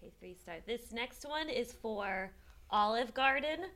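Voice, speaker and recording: A woman co-hosting a chat podcast with short, dry replies. She speaks slowly with a fairly high voice, leaving room between her words. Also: expressive, fairly bright tone. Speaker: co-host reading options. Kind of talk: casual chat.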